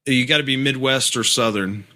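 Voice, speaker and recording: A man co-hosting a podcast with a bright, clear voice. He speaks casually and with lots of energy, often talking over others and laughing easily. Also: medium pitch. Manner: animated, quick to laugh, talks over others. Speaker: podcast co-host. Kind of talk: casual chat.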